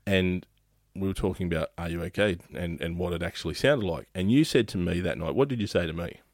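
A man's voice: deep voice, fairly quick, a little mellow, no room sound. An Australian man hosting a casual podcast chat, rambling with frequent restarts and laughing easily. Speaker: podcast host.

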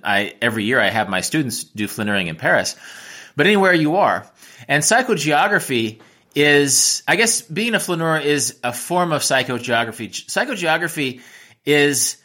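A man's voice: mid-range voice, pushed and bright. An American man, a travel writer and teacher, giving reflective interview answers with frequent restarts. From United States.

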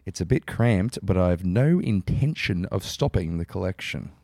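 A man's voice: sits low, expressive, normal speed, warm tone, no room sound, studio quality. A young man co-hosting a podcast in casual, sweary banter, laughing often and reading out a story. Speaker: podcast co-host.

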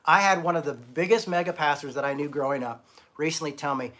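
A man's voice: on the high side, fast talker, bright, forceful tone, a little hiss or hum. A middle-aged man preaching an informal, conversational sermon as pastor of an online church, blunt and emphatic, with casual swearing and self-deprecating humor.

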